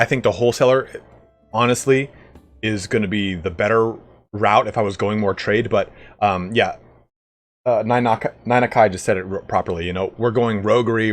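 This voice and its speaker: A man casually commenting on a game he plays live, chatting with viewers and breaking into excited reactions. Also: fairly low pitch. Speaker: game streamer.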